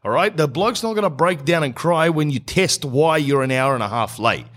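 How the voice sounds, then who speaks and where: A man's voice: on the high side, animated, normal speed, fairly bright tone. A man, telling rambling, sarcastic comic stories in a blunt way. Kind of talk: comic storytelling monologue.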